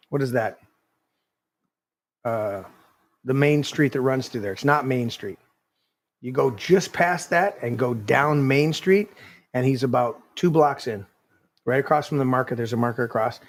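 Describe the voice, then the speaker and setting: A man hosting a podcast, telling a rambling casual story with many restarts. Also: mid-range voice. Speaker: podcast host. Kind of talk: casual chat.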